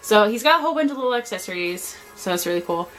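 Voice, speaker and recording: A young woman giving a rambling, excitable tour of her art desk at home, talking into a handheld camera. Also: medium pitch, fast, soft background music, low-quality recording. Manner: chatty, rambling, excitable, many fillers. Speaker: artist showing her workspace. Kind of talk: casual vlog tour. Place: home desk area, indoors.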